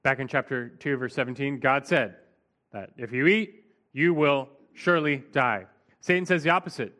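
A man's voice: medium pitch, normal speed, sharp tone. A man preaching an expository Bible teaching in a conversational, emphatic way, often saying "like".

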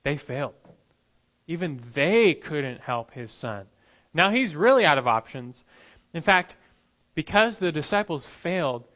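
Emphatic preacher man, bright voice. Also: fairly high pitch, highs cut off. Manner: emphatic, swings between hushed and loud. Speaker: pastor. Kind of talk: sermon.

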